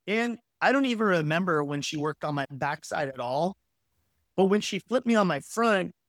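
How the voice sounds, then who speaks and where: A man in his forties tells his story to an interviewer frankly and with energy, swearing casually as he goes. His voice sits fairly high for a man. The sound is dry and close, with no room echo. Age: 40s. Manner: frank, animated, casually profane. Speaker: guest. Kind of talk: candid storytelling in conversation.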